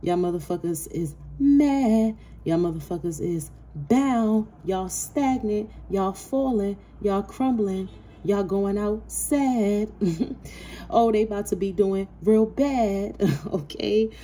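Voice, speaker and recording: A woman's voice: mid-range voice, slow pace, dark tone, a little hiss or hum. A woman giving a tarot reading, brash, profane and emphatic, laughing often. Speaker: tarot reader.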